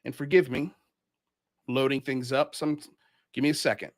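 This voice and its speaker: A man's voice: mid-range voice, steady tone, moderate pace. A man from Miami hosting a livestream, ranting in heated commentary as he calls people out. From Miami, United States. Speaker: show host.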